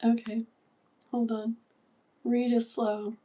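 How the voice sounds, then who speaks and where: Giggly chatty lady on a livestream, reading chat, voice a bit high. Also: level tone, slow, warm tone. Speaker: livestream tarot host.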